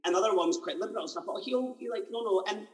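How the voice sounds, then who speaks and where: A man in his twenties with a slightly raised pitch, hosting a relaxed chat show. He tells stories with energy, slipping into the voices of people he quotes. The sound carries a long, lingering reverb. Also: very fast. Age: 20s. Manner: animated storyteller acting out quoted voices. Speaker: podcast host. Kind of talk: casual chat interview.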